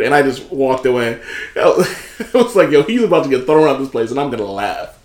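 A man telling a story in casual, animated chat, swearing freely and acting out what others said. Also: on the high side, normal speed, roomy sound. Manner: animated, swearing, acts out quotes in other voices.

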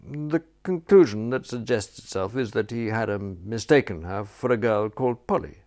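A suave, dryly amused old lord who coaxes a story out of his companion, as a man reads him aloud. His voice rides higher and lighter than the narrator's in a storybook reading. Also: normal speed, darkish tone, natural voice. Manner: polite, dryly amused, coaxing. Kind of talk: audiobook character voice.

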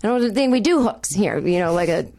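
Woman comic, forties, guest on a chat show; lively, swooping delivery, acts out the dialogue, wry. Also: medium pitch, brisk. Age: 40s. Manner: animated storyteller, acts out quoted exchanges, wry and self-deprecating. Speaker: comedian guest. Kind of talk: casual podcast chat.

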